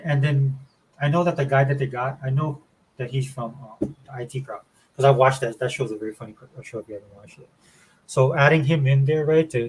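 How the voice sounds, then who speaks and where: A man's voice: medium pitch, husky, poor audio. Enthusiastic rambling gaming show host, a man. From Florida. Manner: rambling and enthusiastic, says dude and man a lot. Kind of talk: casual gaming chat.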